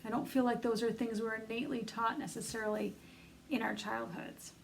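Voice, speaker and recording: A middle-aged woman leads a conversational self-help session, earnest and encouraging as she speaks straight to her listeners. Her voice sits a touch high and carries a gravelly fry. A faint hiss of noise sits under her words. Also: flat delivery, fairly quick, low-quality recording. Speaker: self-love coach leading an online bootcamp.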